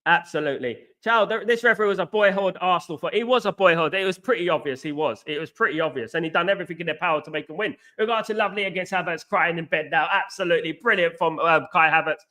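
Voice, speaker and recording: A man from East London with a Cockney accent, hosting a live football reaction chat, excitable and greeting viewers by name while repeating his stock phrases. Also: fairly high pitch, quick pace, few pauses. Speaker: host of a football reaction livestream.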